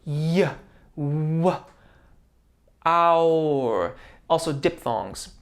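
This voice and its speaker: Slow, low-voiced woman teaching singing. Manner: calm, explanatory, demonstrates by singing. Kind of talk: vocal lesson with sung demonstrations.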